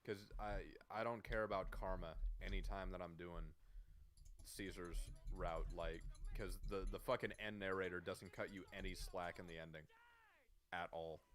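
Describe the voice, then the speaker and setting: A man's voice: deep voice, moderate pace. A man streaming and chatting casually, swearing constantly and ranting in disbelief. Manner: profane, incredulous, animated ranting. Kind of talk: casual chat.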